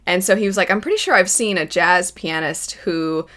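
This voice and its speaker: Bright-voiced, chatty young woman. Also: lowish voice, normal speed. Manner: chatty and enthusiastic, frequent laughs. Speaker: anime reaction vlogger. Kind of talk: casual first-impressions commentary.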